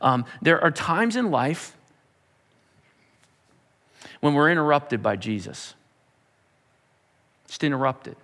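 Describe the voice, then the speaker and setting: Animated preacher man in a reverberant hall. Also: on the high side, slow pace, long pauses. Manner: animated storytelling, repeats words when building up. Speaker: pastor. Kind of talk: sermon.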